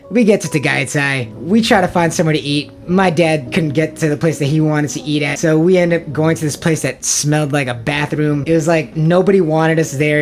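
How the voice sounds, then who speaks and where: A man recapping a family trip to the camera in a casual, rambling way, full of fillers and exasperated asides. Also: on the high side. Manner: rambling, filler-heavy storytelling with lots of "like" and "dude"; ranting and exasperated. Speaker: vlogger.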